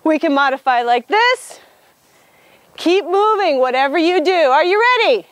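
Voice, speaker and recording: A very high-voiced woman runs a boot camp class outdoors. She calls out commands and counts reps with bright energy. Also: lively intonation, moderate pace, no echo. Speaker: fitness instructor. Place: outdoors on a hilltop.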